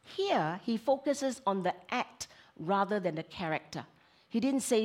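A woman who is a counselor, preaching a sermon in an expressive way, moving between emphatic lines and hushed asides. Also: mid-range voice, unhurried.

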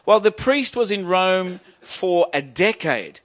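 A man's voice: high voice, expressive, slow pace, a bit bright. A middle-aged male preacher giving a sermon, joking and restarting phrases, then building to emphatic preaching.

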